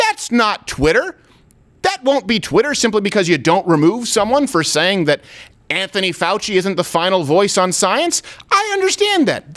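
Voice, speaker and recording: A man hosting a political commentary show, talking in a sarcastic, animated way, with loud high bursts and low asides. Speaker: host.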